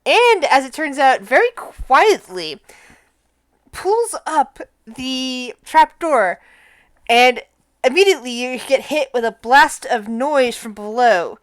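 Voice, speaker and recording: A woman acting as game master, narrating a tabletop game in a calm, matter-of-fact way on a close mic. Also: high-pitched, slow pace, no room sound.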